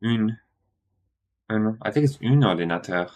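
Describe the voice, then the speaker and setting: A man's voice: lowish voice, lively intonation, unhurried, a little mellow. A man thinking aloud during a study stream, muttering and correcting himself as he works through a quiz, tired and yawning.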